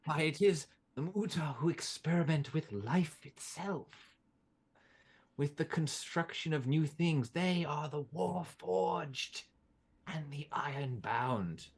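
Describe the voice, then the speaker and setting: A man's voice: medium pitch, slightly rough. A man voicing a pushy male potion merchant with grandiose sales patter in a tabletop game.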